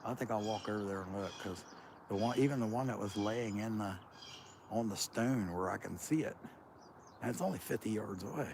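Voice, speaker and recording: Out in farm fields, a livestream host from Central Ohio chats casually and wanders from topic to topic with a Kentucky accent he calls a lazy drawl. His pitch is fairly low and his pace brisk. Background noise is audible.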